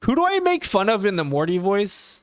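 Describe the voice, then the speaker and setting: A man's voice: high-pitched, wildly swooping pitch, fairly quick, clear, resonant tone, dry recording. A man chatting casually on a live stream, rambling, swearing and often checking in with his viewers. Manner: rambling and profane, keeps asking okay. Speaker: livestreamer.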